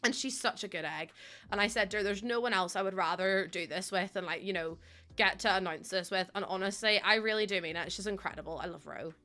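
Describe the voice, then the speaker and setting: A young woman streaming a game, chatting casually and rambling to her chat with giggles and sudden excited bursts. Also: mid-range voice, a little fast, soft background music. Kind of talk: casual live-stream chat while playing.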